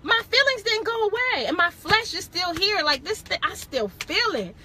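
Speaking over music at a moderate pace, this podcast host is a young woman with a very high-pitched, animated voice. She gives a candid faith testimony in casual conversation, frequently laughing and stopping to fix or walk back what she said.

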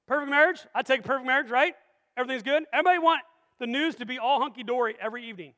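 An energetic male preacher with a very high voice, firing rhetorical questions at his congregation. His sermon rings out through a large church sanctuary with a long, hanging reverb. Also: racing. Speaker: pastor.

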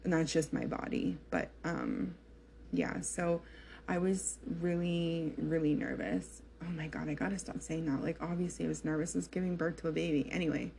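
A woman's voice: deep voice, lively intonation, moderate pace, gravelly, darkish tone, slight background noise. A young woman telling a personal story to her viewers in a chatty, candid way, with lots of fillers and laughter. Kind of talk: casual storytelling to camera.

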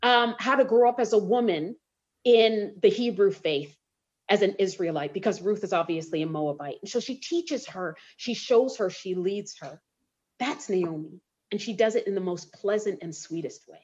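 A woman co-hosting a faith podcast, teaching from the Bible in an expressive, storytelling way and acting out the quotes. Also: mid-range voice, normal speed. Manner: uses y'all. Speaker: podcast co-host. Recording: slightly dull lo-fi sound.

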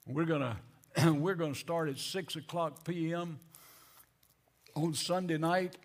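A male pastor tells a long story from the pulpit. His voice sits a little high for a man, and he talks in an animated, storytelling way, restarting phrases and acting out the people he quotes. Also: measured pace. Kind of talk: sermon storytelling.

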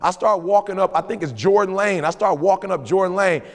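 Male podcast co-host, high gravelly voice, animated slangy motivational storyteller, long reverb. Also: brisk. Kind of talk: motivational casual talk.

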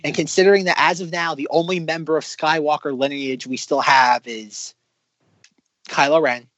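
A man co-hosting a casual podcast, talking in long excited run-on predictions with many restarts. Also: fairly high pitch, normal speed, no echo. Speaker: podcast co-host.

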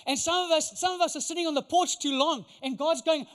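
High-voiced preacher. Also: male voice, brisk, few pauses, in a large hall. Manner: animated, conversational, acts out voices. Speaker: pastor. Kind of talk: sermon.

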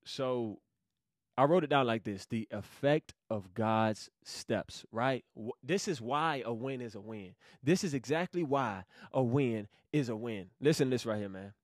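A young man from Savannah, Georgia, with a Georgia accent, giving an excited, slangy Bible teaching as a podcast host. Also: mid-range voice, a little slow, no echo, studio quality. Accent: Southern US, Georgia. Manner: hyped, slangy, bursts into loud exclamations.

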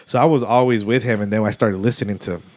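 A man's voice: on the low side, steady tone, fast, darkish tone. A man from Houston telling stories on a casual podcast, laid-back and swearing freely with lots of fillers. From Houston, Texas. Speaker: podcast host. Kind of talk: casual storytelling chat.

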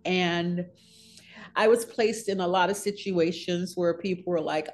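Woman interview guest, lively storyteller, laughs easily, faint music underneath. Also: unhurried. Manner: animated, laughs often, rises high when quoting.

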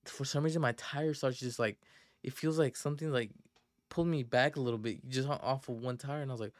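A man's voice: mid-range voice, fairly quick, no room sound, clean studio sound. Profane young man telling a rambling story. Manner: profane, slangy, rambling with many restarts. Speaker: podcast host. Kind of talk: casual storytelling.

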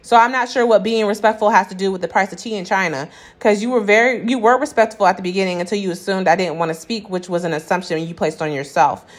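Speaking fast at a medium pitch, a young woman vlogs a dating-app story in a sassy, blunt, profane rant. She reads out the text messages to her viewers along the way.

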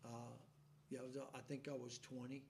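A male preacher giving a sermon in a folksy, animated storytelling way, often laughing as he acts out a shouting congregation. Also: medium pitch, fairly quick, gravelly, slight background noise.

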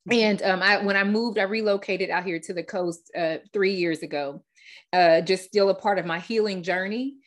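A woman's voice: medium pitch, moderate pace. A woman hosting a faith-based podcast, telling her story with heartfelt repetition and fillers. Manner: heartfelt testimony, repeats words, fillers. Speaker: podcast host.

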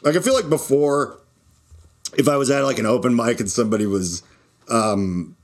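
A man's voice: medium pitch, moderate pace. A man hosting his own show, a stand-up comic talking in a casual, rambling monologue, restarting sentences and laughing at his own jokes. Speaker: podcast host and stand-up comic.

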